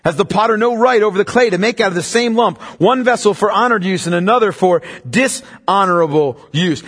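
Husky high-voiced preacher in a reverberant hall. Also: male voice, brisk, hardly any pauses. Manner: emphatic preaching, drops low and quiet for stress. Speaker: pastor. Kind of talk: expository sermon.

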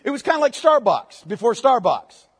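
A man delivers a sermon in a church, his voice unusually high for a man. He keeps it conversational, checking in with the congregation with "okay?" and "right?". A long reverb from the sanctuary trails after his words. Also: big pitch swings, moderate pace, slightly rough. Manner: conversational preaching with frequent "okay?" check-ins. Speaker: pastor. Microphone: microphone.

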